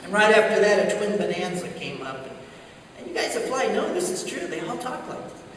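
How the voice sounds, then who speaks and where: A man's voice: high-pitched, fairly quick, slight background noise. A man giving a humorous storytelling speech at a conference, acting out radio voices as he goes. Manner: animated anecdotal delivery, acts out radio voices. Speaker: keynote speaker. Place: large conference hall. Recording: echoey hall, speaker far from mic.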